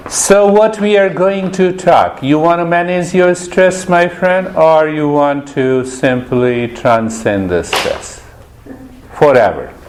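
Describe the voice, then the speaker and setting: A man leading a stress management session, talking slowly in a casual way and often laughing. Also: fairly high pitch, slight background noise. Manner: slow, laughing often, friendly teasing. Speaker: meditation teacher. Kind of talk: casual group session talk.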